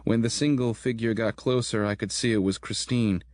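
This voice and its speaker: A man narrating a horror audiobook in a steady, measured storytelling manner. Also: lowish voice, dry recording, studio quality.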